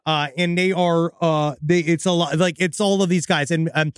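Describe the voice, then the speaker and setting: A man's voice: fairly high pitch, fairly even intonation, normal speed, clear, resonant tone, no room sound. A man co-hosting a podcast, casually reading out a listener's creepy story and swearing now and then. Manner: casual, profane, dips into voices for quoted people.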